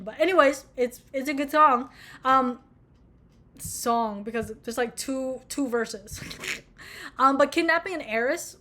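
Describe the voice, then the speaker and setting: At a measured pace, a young American woman with a bright, forceful voice on the high side chats casually about music for her vlog. She's in her twenties and tends to ramble, swear and make fun of herself.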